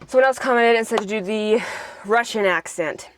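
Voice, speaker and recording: A woman's voice: on the high side, moderate pace, slight background noise. A young woman from the United States, a farm vlogger, chatting playfully and giggling with her sibling inside a vehicle. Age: young adult. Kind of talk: casual chat.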